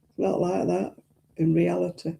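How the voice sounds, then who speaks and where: A woman's voice: on the low side, level tone, normal speed, creaky, mellow. A woman chatting casually and homely to her live-stream viewers as she crochets, rambling and yawning often. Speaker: craft live-stream host.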